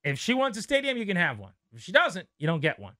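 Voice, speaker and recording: A man's voice: high voice, wildly swooping pitch, fast, bright, forceful tone, no echo, studio quality. A man hosting a sports radio show, teasing his co-host, reading promos and taking calls. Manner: wry, teasing, reads promos and takes calls.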